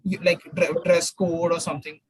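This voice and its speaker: A man's voice: on the high side, flat delivery, moderate pace, breathy edge, poor audio. A man asking interview questions hesitantly, rephrasing himself with many fillers.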